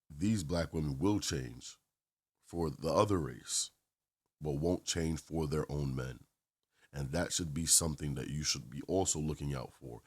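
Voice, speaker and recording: A man's voice: rumbling low, slightly rough. A man hosting his own channel, giving opinionated reaction commentary on a clip and often repeating phrases for emphasis.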